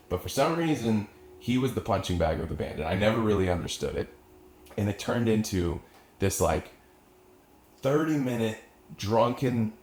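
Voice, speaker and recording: A young adult man, a musician guest, telling a long story in casual chat, rambling and swearing often with lots of filler words. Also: lowish voice. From Austin area. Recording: echoey room, faint background ambience.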